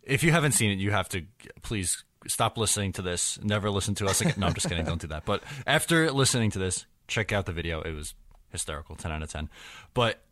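A man's voice: low voice, expressive, quick pace, fairly bright tone, no room sound, studio quality. A man co-hosting a casual sports podcast, joking with wry asides. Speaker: podcast co-host.

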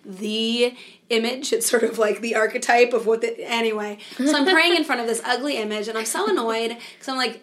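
A woman missionary being interviewed, telling stories in an animated way with lots of "like" and acted-out dialogue. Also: on the high side, a little fast. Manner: animated storyteller, many "like"s, acts out dialogue. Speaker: missionary guest. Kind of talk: conversational interview.

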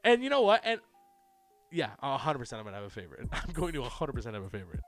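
A man co-hosting a podcast, telling stories in a lively, profane way. His voice sits at a middle pitch. Faint music plays under the talk. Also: very fast. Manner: animated storyteller, heavy swearing. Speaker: podcast co-host. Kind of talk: casual chat.

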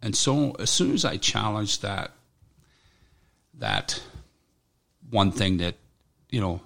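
A middle-aged man, a military veteran, telling his own story in an interview, blunt and profane with halting restarts. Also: on the low side, animated, vocal fry, fairly bright tone. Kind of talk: personal account in an interview.

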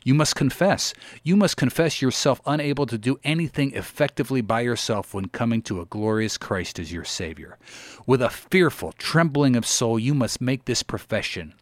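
A man preaches a sermon with solemn, exhorting weight, using old-fashioned scriptural phrasing. His middling-pitched voice has lively intonation at a normal speed, recorded dry and close with no room sound.

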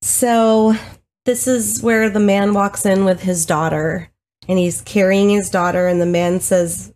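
A woman's voice: medium pitch, steady tone, measured pace, a little mellow. A woman co-hosting a podcast, chatting casually, retelling scenes and laughing easily. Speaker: podcast co-host. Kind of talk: casual chat.

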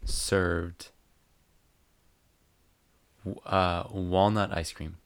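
Low-voiced young man teasing dryly. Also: level tone, very slow, dry recording. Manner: dry teasing, laid-back. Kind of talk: casual chat.

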